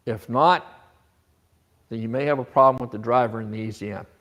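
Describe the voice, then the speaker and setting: A man's voice: medium pitch, brisk, fairly bright tone. A man teaching an automotive technical seminar, explaining scope patterns with rhetorical questions and frequent restarts.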